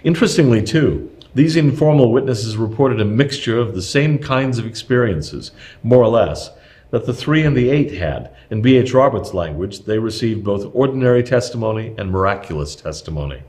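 A man reading a scripted historical text aloud in a measured, steady way, with occasional small slips. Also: lowish voice.

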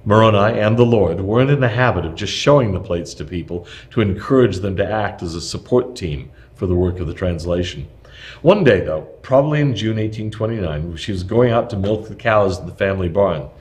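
A man reading a scripted historical text aloud in a measured, steady way, with occasional small slips. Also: deep voice.

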